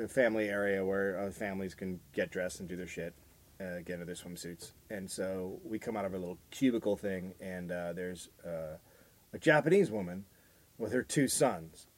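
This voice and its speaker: A man's voice: medium pitch, no echo. A man hosting a comedy podcast, telling a long story and acting out other people's lines. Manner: acts out other people's lines in raised voices. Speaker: podcast host.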